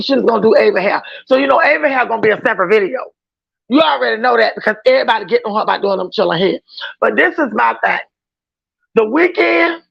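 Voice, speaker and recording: A woman livestream reaction host with a high, gravelly voice gives casual commentary in an emphatic, outspoken way, often raising her voice. The audio is dull and lo-fi.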